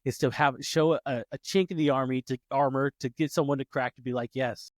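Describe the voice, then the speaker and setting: A man's voice: mid-range voice, fairly quick, dry recording. A man in his late twenties, a podcast host in casual chat, telling stories and acting out quotes with a rising voice. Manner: animated, acts out quotes with rising voice.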